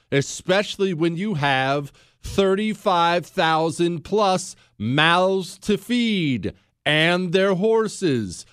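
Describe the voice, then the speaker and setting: A man's voice: high-pitched, dry recording, studio quality. Man casually retelling history. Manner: casual, addresses listener directly with asides. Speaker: podcast host. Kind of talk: conversational history storytelling.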